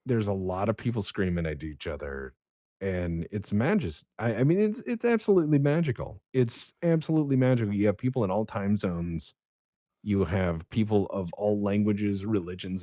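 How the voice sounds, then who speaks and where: A man's voice: fairly low pitch, lively intonation, normal speed, dark tone, no room sound, clean studio sound. A young adult man, a podcast guest, telling rambling, profane stories in casual chat.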